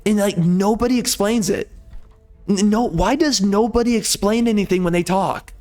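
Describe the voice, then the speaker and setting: An agitated man rants over gameplay, cursing freely and stammering through repeated words. His voice sits a little high for a man, and a faint game soundtrack plays underneath. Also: moderate pace, a little mellow, faint music behind. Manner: angry, profane, stammering repetitions. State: agitated, seething. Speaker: gaming channel host. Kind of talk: ranting commentary over gameplay.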